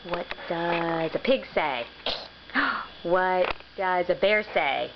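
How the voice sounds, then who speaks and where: A woman coaxing a toddler in a slow, sing-song, encouraging way, recorded on a muffled home video with background noise. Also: on the low side, expressive.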